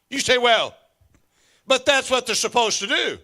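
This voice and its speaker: Fifty-something pastor preaching hard, super bright sharp voice, repeats lines, shouts now and then. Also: male voice, very high-pitched, expressive, moderate pace. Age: 50s. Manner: emphatic preaching with repetition and sudden shouts; joking asides to the congregation. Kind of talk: sermon.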